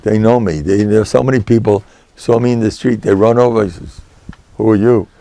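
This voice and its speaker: An older man, a rabbi, telling a chatty, animated story in a lecture, dropping in Yiddish and Hebrew words. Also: lowish voice, brisk, vocal fry, no echo. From United States. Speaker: rabbi giving a class.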